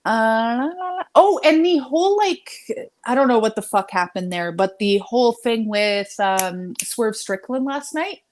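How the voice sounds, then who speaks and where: A woman's voice: on the high side, expressive, unhurried. A woman co-hosting a live wrestling watch-along, talking casually, laughing often, hedging with fillers and swearing now and then. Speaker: live stream co-host.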